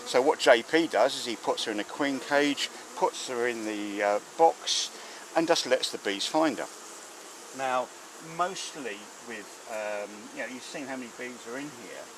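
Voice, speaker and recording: In an unhurried, mid-range voice, a man rambles chattily with many fillers while doing hands-on beekeeping next to a hive outdoors. The low-quality camera recording, handheld or mounted, has a little hiss or hum, and bees buzz clearly behind him.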